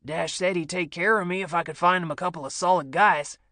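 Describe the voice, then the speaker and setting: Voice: medium pitch, fairly even intonation, brisk, pushed and bright, dry recording. A narrator playing a brash, crude ex-soldier. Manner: swaggering, crude, drawling. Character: cocky ex-soldier man, crude and reckless.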